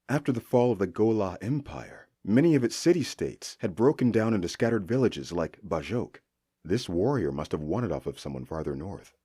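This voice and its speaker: A low, husky male voice narrates a fantasy audiobook with expressive storytelling. The tone is dark and mellow, and the pitch moves lively through each sentence.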